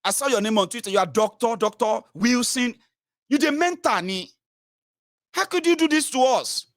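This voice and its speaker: A Nigerian man putting on a gushing, awed male fan in a high, mocking sing-song voice. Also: expressive, normal speed, a bit bright, no echo, clean studio sound, heavily acted. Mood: mocking awe.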